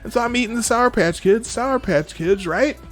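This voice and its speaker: A man hosting a live show, telling a rambling story in a casual, animated way with lots of restarts. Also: very high voice, normal speed. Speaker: show host.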